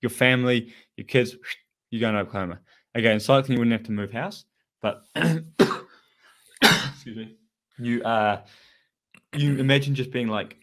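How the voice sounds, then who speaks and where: A man's voice: medium pitch, moderate pace, long pauses, fairly bright tone. A man co-hosting a casual podcast chat, rambling through his points with many "like" fillers. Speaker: co-host.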